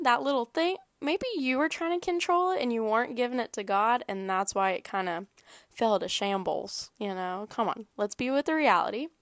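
A woman's voice: a little high, no room sound. Earnest young woman, dry close sound. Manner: earnest, rambling, conversational. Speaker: faith vlogger. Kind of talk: personal faith talk to camera.

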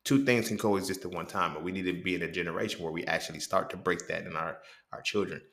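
A man's voice: deep voice, fairly even intonation, fast talker, vocal fry, a bit bright, echoey room. A man hosting a podcast in a casual, profane monologue, often checking in with "you feel me". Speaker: podcast host.

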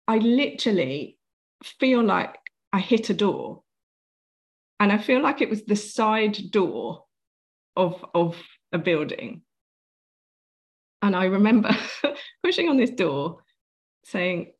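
A woman's voice: medium pitch, animated, slow pace, pauses often, highs cut off. A woman guest on an interview, telling a personal story earnestly and vividly, acting out what was said. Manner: earnest, vivid retelling with acted-out quotes.

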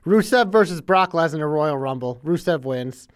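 A man co-hosting a casual wrestling podcast, animated and sarcastic, swearing as he complains. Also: on the high side, moderate pace, clean tone. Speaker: podcast co-host.

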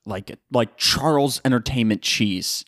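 A young man from Florida rambles through a solo podcast from his room at home, cracking jokes, swearing freely and using loose slang. His voice sits at an everyday middle pitch, recorded dry and close with no room echo. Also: measured pace, a bit bright. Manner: joking, swearing, slangy, laughs often. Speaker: podcast host. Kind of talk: casual solo podcast chat. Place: home room by a window in a hurricane.

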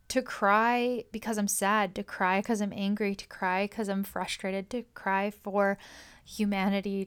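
A woman giving an earnest, reflective spiritual monologue, speaking gently and sometimes dropping into a soft whisper. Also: medium pitch, clean tone.

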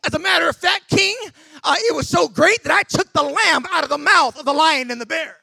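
A male preacher voicing the young shepherd David as bold and fired up, talking excitedly with stumbling repeats. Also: very high voice, brisk, vocal fry, no room sound, pitched above the performer's own voice, full character voice. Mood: boastful.

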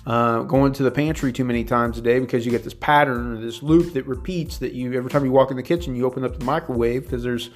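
An earnest man speaks in a casual, motivational monologue at a middle pitch, often restarting his sentences and leaning on fillers. Faint music plays quietly behind his voice. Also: fairly even intonation, fast, hardly any pauses. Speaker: podcast host.

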